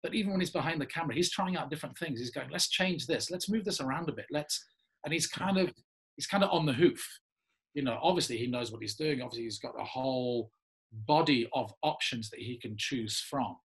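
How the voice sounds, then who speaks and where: An English man with a slightly husky voice, speaking as an interview guest. He tells stories with animated energy and laughs easily between them, pitched at an ordinary middle register. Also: a little fast. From England. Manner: animated storyteller, laughs often. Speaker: actor guest. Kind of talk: casual interview anecdote.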